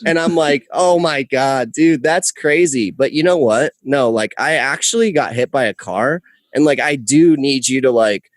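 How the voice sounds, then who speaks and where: A young man, a podcast guest, telling a rambling story with animated, casual swearing. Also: medium pitch, moderate pace, no echo. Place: podcast studio. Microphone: close podcast mic.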